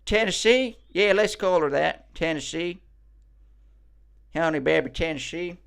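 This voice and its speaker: A man's voice: fairly high pitch, animated, unhurried, vocal fry, fairly bright tone, clear, resonant tone, exaggerated voice. A man voicing a clueless father naming his baby, drawling and mock-dumb. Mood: doting.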